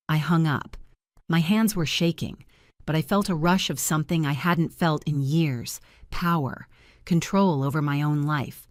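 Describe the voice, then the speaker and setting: An older woman narrating her own story in the first person, calm and firm. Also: low-pitched, measured pace, no echo, clean studio sound.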